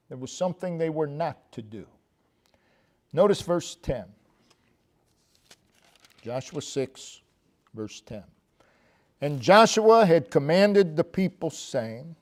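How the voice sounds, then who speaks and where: Slow, high-voiced emphatic male preacher. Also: lively intonation. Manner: emphatic, slow and deliberate preaching with rising, pleading outbursts. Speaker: pastor. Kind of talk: sermon. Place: church.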